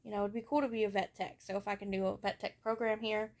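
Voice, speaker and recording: A woman's voice: mid-range voice, little pitch movement, fast, darkish tone. A young woman talking candidly about her childhood in a personal vlog, rambling a little with frequent fillers. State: has hiccups. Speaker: vlogger. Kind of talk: personal storytelling to camera.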